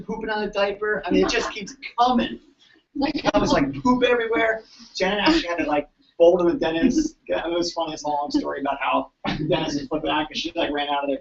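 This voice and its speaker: Animated storytelling man, distant lo-fi mic. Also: fairly high pitch, a little hiss or hum. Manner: animated storytelling, acts out voices. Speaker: chiropractor. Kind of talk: storytelling talk to a live audience. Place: event floor at a convention. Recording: distant mic, dull lo-fi sound.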